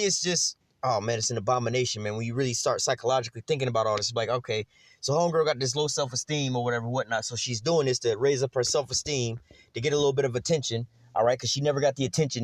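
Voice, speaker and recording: A man rattles off a loose, street-level Bible commentary at a quick clip, blunt and peppered with slang and swearing. His voice sits in an ordinary middle register, and the sound is close and dry with no room around it. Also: medium pitch, no room sound. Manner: rambling and blunt, with slang and profanity; repeats "whatever, whatnot" and "you see what I'm saying". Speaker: religious teacher. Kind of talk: casual scripture commentary.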